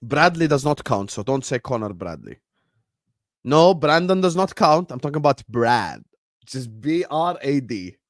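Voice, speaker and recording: A man's voice: medium pitch, sing-song, unhurried, no echo, clean studio sound. A man whose first language is Arabic, hosting a football watchalong stream and bantering casually with his chat in a joking manner.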